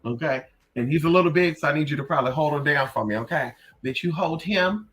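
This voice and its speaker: A young man with a fairly high voice tells a story straight to camera, animated and sassy, cursing freely. His tone is bright and forceful, and the delivery is casual storytelling. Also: quick pace. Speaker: vlogger.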